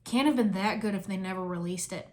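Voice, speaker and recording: A woman puts on a sarcastic young male ninja. He delivers every line deadpan and dry. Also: medium pitch, fast talker, pitched below the performer's own voice, close to an everyday voice.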